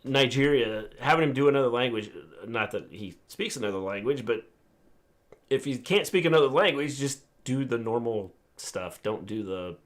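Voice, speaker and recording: A man's voice: mid-range voice, animated. A middle-aged man co-hosting a casual wrestling recap, joking around and reading out viewer comments. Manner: joking, drawn-out teasing asides. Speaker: co-host reading viewer chat.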